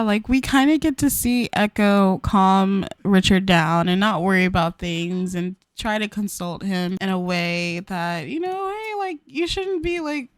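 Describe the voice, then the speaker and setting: A chatty woman talks over her gameplay, speaking into a desk mic in a dry, close room. Her voice sits at a middle pitch for a woman. She jumps in and out of little voices for the characters she is playing. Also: no echo. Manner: chatty, voices the characters herself, giggly asides. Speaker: gameplay host. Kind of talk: casual let's-play commentary. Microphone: desk microphone.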